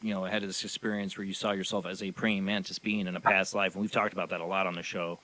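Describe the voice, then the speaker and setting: A man's voice: deep voice, level tone, fast, sharp tone, poor audio. A man hosting a radio talk show, asking questions and dropping in short supportive remarks. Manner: asks questions and gives short supportive interjections. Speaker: host.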